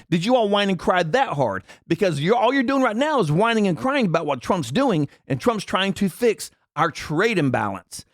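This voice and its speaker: A man's voice: sits high, no room sound, studio quality. A man, ranting sarcastically and indignantly in political commentary. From Tennessee. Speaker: commentary vlogger.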